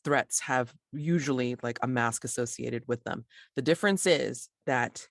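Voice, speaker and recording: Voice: mid-range voice, no room sound, clean studio sound. A game master casually running a tabletop role-playing game, explaining rules with many fillers and restarts.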